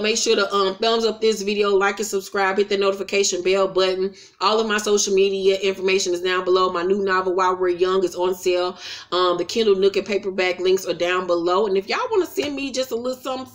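A woman's voice: medium pitch, a bit bright. A woman recapping a reality show in a casual vlog, blunt and profane, retelling scenes with mocking quoted voices.

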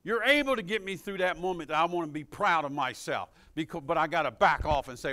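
A man preaching a sermon in a folksy, informal way, repeating phrases and building to fervent call-and-response shouts. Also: fairly high pitch, fast, few pauses.

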